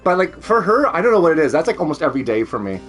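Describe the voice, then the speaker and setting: A man's voice: a little high, very animated, very fast, faint music behind. A man with a Canadian accent chatting casually at home on a stream, rambling, laughing often and swearing freely. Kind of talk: casual chat.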